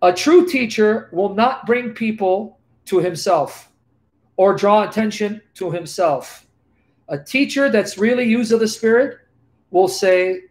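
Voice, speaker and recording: High-voiced man preaching on a video call. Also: measured pace, darkish tone. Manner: emphatic, repetitive, reads scripture aloud. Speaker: Bible teacher. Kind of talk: preaching during a live Q&A.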